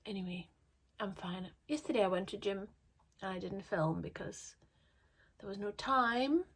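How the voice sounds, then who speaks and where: A woman vlogging casually at her dressing table, out of breath and coughing from illness, talking in a halting way with many pauses and fillers. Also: medium pitch, animated, a bit bright. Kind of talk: casual vlog chat.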